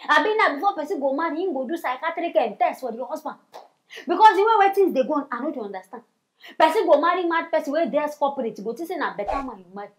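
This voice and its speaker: A woman's voice: high voice, animated, quick pace. A Nigerian woman hosting a comic celebrity news show, mocking and scolding in gossip commentary.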